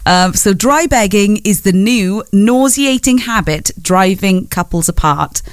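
A woman chats through a morning radio show, wandering into asides and laughing easily. Her pitch sits in a middle range. The studio sound is close and dry. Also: animated, a little slow, clear, resonant tone, no room sound. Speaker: radio presenter. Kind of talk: breakfast radio chat. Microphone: studio microphone.

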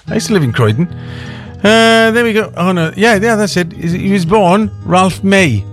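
A man's voice: high voice, expressive, measured pace, soft background music. A man hosting a radio show in casual, chatty talk. He tells stories and thinks aloud with plenty of fillers. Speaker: radio host.

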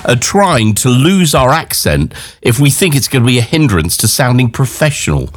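A man's voice: mid-range voice, moderate pace. Radio host guy, bit of west country accent left, laid back chatty morning show voice. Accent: West Country, softened. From West Country of England. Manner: relaxed, chatty, reads out listener messages. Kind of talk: breakfast radio chat.

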